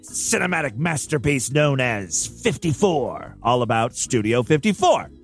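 Faint music plays behind this man as he hosts a comedy podcast, his medium-pitched voice very animated though a little slow. He reads out strange news items and interrupts himself with sarcastic, fake-indignant jokes, all in a comic news commentary style.

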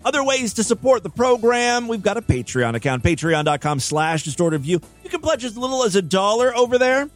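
A male podcast host with a fairly high voice that swoops up and down all the time. He reads strange news with comic timing and keeps cutting in with wisecracks and mock outrage. A little music sits faintly behind him. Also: sing-song, fairly quick, hardly any pauses.

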